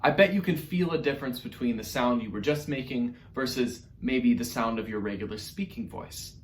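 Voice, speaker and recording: A man's voice: mid-range voice, normal speed, roomy sound. A man teaching an online music lesson to children in a playful, encouraging way.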